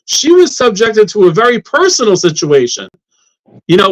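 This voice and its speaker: A man's voice: sits high, huge pitch swings, moderate pace, poor audio. A man guesting on a talk show as a law professor, speaking in an indignant, impassioned way. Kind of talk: heated talk-show discussion.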